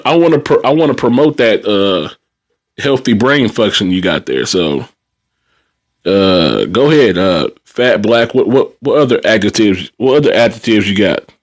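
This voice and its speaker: A man's voice: on the low side, slightly rough. A man, a nursing assistant telling funny work stories on a casual livestream, laughing often and talking in slang.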